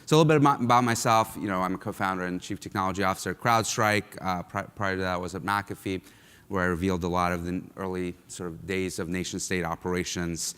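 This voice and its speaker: Deep-voiced man giving a keynote. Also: steady tone, fast talker, fairly bright tone, clear, resonant tone. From Russia. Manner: conversational, frequent ums and uhs. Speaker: keynote speaker. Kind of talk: conference keynote talk. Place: large lecture hall. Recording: long hall reverb.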